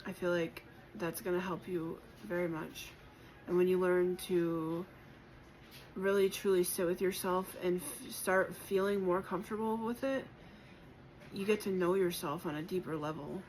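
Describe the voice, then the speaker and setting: A woman with a slightly low, steady voice gives a spiritual collective tarot reading, speaking gently and encouragingly and growing emotional at times. She pauses often and circles back with fillers. The audio is poor, with a faint hiss beneath her voice.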